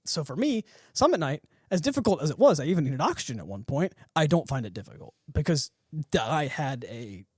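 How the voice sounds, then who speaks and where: A man hosting a podcast, telling a story with animated energy, swearing and laughing. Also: fairly high pitch, fairly quick, hardly any pauses, breathy edge, dry recording, clean studio sound. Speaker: podcast host. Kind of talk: casual chat.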